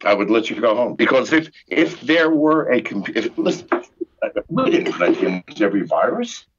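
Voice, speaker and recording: An older man rants with profane exasperation, his husky voice swooping up and down. The line is muffled and lo-fi. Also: medium pitch, sing-song, moderate pace. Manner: profane, exasperated ranting with sarcastic jokes. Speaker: podcast guest. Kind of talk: ranting call-in interview.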